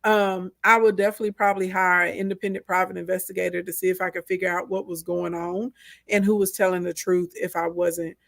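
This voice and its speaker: A woman with a Southern US accent co-hosting a casual chat, animated and emphatic as she talks listeners through her views. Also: on the low side, quick pace, gravelly, dry recording, clean studio sound. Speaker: co-host.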